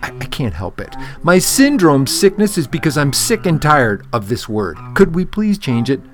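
A man's voice: medium pitch, very animated, normal speed, a bit bright, faint music behind. A man hosting his own show, delivering a blunt, profane, mock-angry rant. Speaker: podcast host.

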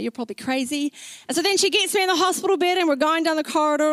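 A young woman sharing a personal faith story in a chatty, expressive way, with many "like" fillers and acted-out reactions. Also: high voice, dry recording. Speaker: speaker sharing a faith testimony.

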